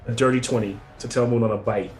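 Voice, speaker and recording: A man running a tabletop game as game master, laid-back and hesitant, filling pauses with "um" and "like". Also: medium pitch, steady tone, soft background music. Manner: laid-back, hesitant, many fillers, laughs often.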